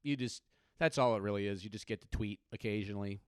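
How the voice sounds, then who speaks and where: A man's voice: fairly low pitch, quick pace, clean tone, dry recording, studio quality. A man from California doing a comedic podcast monologue, rambling and sardonic, with lots of swearing. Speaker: podcast host.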